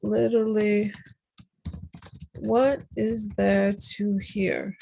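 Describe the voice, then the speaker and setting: A woman's voice: medium pitch, little pitch movement, very slow, gravelly, dark tone, slight background noise. A woman teaching a Polish class over a video call, patiently explaining phrases and encouraging her students. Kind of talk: online language class. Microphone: computer mic on a video call.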